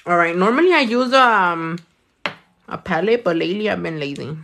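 Her voice is lowish, gravelly and a bit bright, animated but at a normal speed. She's a young adult nail artist from California livestreaming a tutorial, cursing casually as she works and reads comments, with slight noise in the background.

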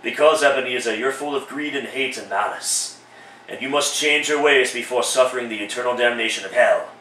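A man voicing a solemn male ghost of the present in a low, preachy, deliberate voice. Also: sharp tone, a little hiss or hum, close to an everyday voice. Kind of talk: one-man comedic radio play. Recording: roomy echo, distant mic.

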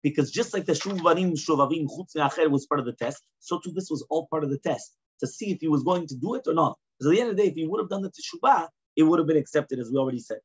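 A man leads a casual Talmud class. His voice sits fairly high and sounds husky. He reads a line of Aramaic, then explains it in English with a steady run of "right?". The recording is dull and lo-fi. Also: very fast, hardly any pauses. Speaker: rabbi teaching Talmud.

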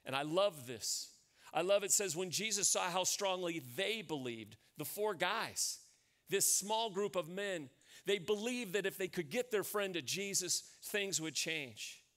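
Emphatic American pastor preaching a sermon. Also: male voice, high voice, lively intonation, a little slow, fairly bright tone. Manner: storytelling, emphatic, repeats key phrases.

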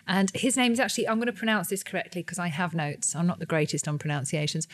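A woman's voice: on the low side, steady tone, fast. A woman hosting a podcast interview in a studio, chatty, upbeat and a little self-deprecating. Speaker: podcast host. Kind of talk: casual interview. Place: new studio. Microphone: studio microphone.

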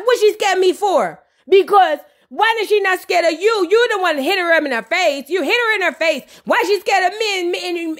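Brief: woman doing a weepy, high-voiced dancehall diva, thick put-on Jamaican patois, says everything twice. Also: a bit bright. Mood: indignant. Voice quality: broken "me no" speech, repetitive. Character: tearful defensive woman, dancehall singer.

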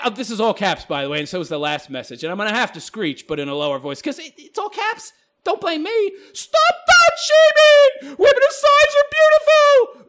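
A man reads viewer comments aloud on his own channel and answers them with scorn. His voice sits high and swings widely in pitch. He rambles and laughs as he goes. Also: a bit bright. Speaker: channel host responding to comments. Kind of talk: mocking commentary monologue.

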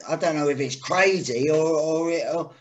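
Male host, casual chat: rambling, hesitant, slightly high voice, lo-fi audio. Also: moderate pace. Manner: rambling, hesitant, many fillers. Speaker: podcast host. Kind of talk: casual podcast interview.

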